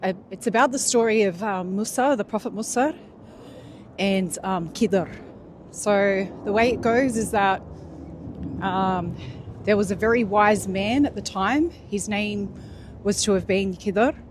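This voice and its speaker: A woman's voice: mid-range voice, measured pace, slight background noise. A woman casually retelling a religious story in a loose, chatty way, full of fillers and restarts.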